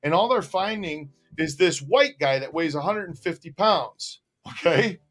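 A man co-hosting a casual livestream, telling stories with animated energy, often laughing and reading out viewer comments. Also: a little high, measured pace. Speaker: co-host. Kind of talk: casual livestream chat and storytelling.

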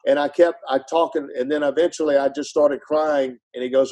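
Middle-aged man, pastor-storyteller, earnest, dark mellow tone, conversational sermon delivery. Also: steady tone, normal speed, low-quality recording. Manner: earnest storyteller, voice drops low and soft in grief. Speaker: pastor and author, podcast guest. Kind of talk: conversational preaching.

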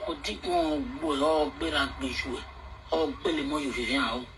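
A Nigerian man with a rough voice, ranting and taunting as he addresses a rival directly, slipping between pidgin and Yoruba. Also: fairly high pitch, normal speed, heavy background noise. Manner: scolding, taunting, code-switching into Yoruba. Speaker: online video host.

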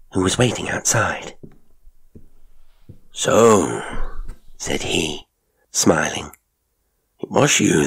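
A man narrating a Victorian story in a measured, grave and deliberate way. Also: deep voice, a little hiss or hum. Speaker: audiobook narrator.

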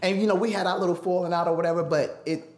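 A man's voice: high voice, fast talker. A man telling a personal story as a studio guest, acting out the voices he quotes. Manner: animated, acts out quoted voices. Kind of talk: storytelling interview.

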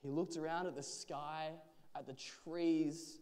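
A man telling a children's Bible story on a church stage, with expressive, drawn-out phrasing. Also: a little high. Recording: church hall reverb.

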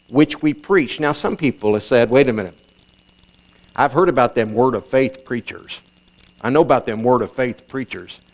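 A middle-aged man preaching a sermon, reading scripture and driving points home by repeating them. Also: a little high. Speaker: pastor.

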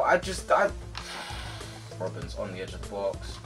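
Excitable young man narrating gameplay. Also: medium pitch, moderate pace, pauses often, soft background music. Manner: excitable, shouts at players, swings to frustrated sighs. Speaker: gaming YouTuber. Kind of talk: live gameplay commentary.

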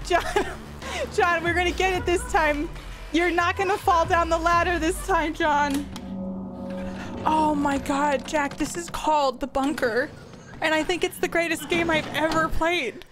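A woman streamer talks through a game with a very high voice, drawing her words out slowly. She keeps exclaiming at what happens on screen and laughing hard. Game music plays clearly behind her. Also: steady tone, rough recording. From US East Coast. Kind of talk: live game commentary.

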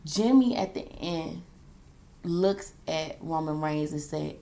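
A woman vlogger telling a story in a casual, animated way as she does her makeup, acting out what the wrestlers said. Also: deep voice, takes it slowly, long pauses, a little hiss or hum. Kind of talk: casual recap while doing makeup.

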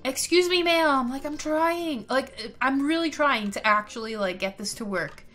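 A woman's voice: sits high, measured pace, fairly bright tone, soft background music. A woman voicing an impatient pregnant vampire girl. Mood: exasperated. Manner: exasperated pleading.

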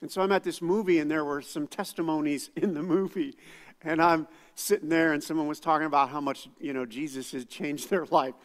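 A man's voice: fairly high pitch, fairly even intonation, a little fast, big-room sound. A man preaching a sermon as pastor, conversational and self-deprecating, with casual asides to the congregation. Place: church sanctuary.

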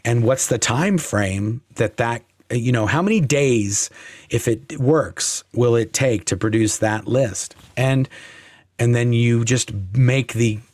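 Guy on a podcast telling a story, swears a lot, mid pitch, dry close sound. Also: takes it slowly, no room sound. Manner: blunt and profane, animated when recounting. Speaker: podcast guest. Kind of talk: casual storytelling interview.

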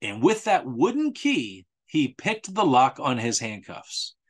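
Speaking slowly with huge swings in his medium-pitched voice, an author presents a talk from his history series. He keeps it chatty and sarcastic, repeating points frequently to drive them home.

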